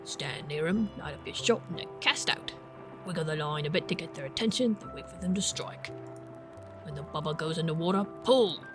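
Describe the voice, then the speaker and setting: A woman's voice: sits low, animated, fairly quick, music in the background. A woman voicing Wilfred, a kindly older male animal who runs a fish store in a farming game, with a folksy, encouraging way of talking. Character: gruff older male fox-like fishmonger, kindly.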